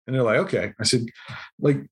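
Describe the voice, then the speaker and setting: A man guest on a podcast, telling a story in a casual, animated way and acting out what people said. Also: mid-range voice, normal speed, slightly rough. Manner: animated anecdote-telling, acts out quotes. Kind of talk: conversational storytelling.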